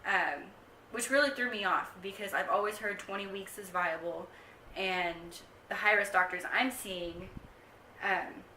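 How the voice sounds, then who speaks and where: Young woman vlogger, casual rambling chat, bright tone, roomy distant camera sound. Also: mid-range voice, unhurried, a little hiss or hum. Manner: chatty, rambling with frequent ums. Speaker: vlogger giving a pregnancy update. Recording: echoey room, mic set back.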